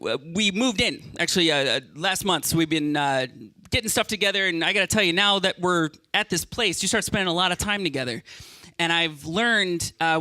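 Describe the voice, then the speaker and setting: A man performing a stand-up comedy set, telling stories in an animated way and often stammering and repeating words. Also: sits high, no echo.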